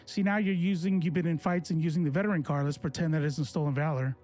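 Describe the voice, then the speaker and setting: A man's voice: fairly high pitch, steady tone, fast, darkish tone, faint music behind. A man in his forties, a political streamer, ranting to his chat in a confrontational, sarcastic way. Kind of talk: casual livestream rant to chat.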